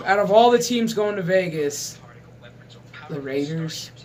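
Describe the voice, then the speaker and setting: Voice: mid-range voice, animated, takes it slowly. A channel host in a casual, rambling sports chat to camera, swearing freely and chuckling often.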